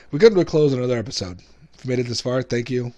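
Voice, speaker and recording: A man's voice: mid-range voice, dull audio. A man hosting his own gaming channel, talking casually over gameplay, chatty and self-mocking with frequent laughs. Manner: lively sing-song show intros.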